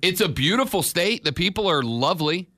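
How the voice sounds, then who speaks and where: Bright, high-voiced wisecracking radio host. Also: male voice, lively intonation, dry recording, clean studio sound. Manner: wisecracking, rattles off stats fast. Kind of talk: casual sports radio talk. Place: radio studio. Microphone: studio mic.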